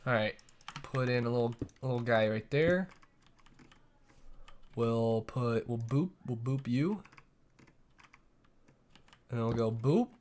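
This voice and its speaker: A man's voice: mid-range voice, slow pace, long pauses, darkish tone. A young man streaming a building game live, talking to himself in a rambling, playful way with little boop noises. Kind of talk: live gameplay commentary.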